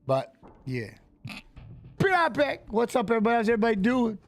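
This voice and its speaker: Man, high-pitched voice, live-stream host, casual chat, excitable, repeats himself, greets viewers by name. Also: fairly quick, creaky, faint music behind. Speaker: livestream host reading chat.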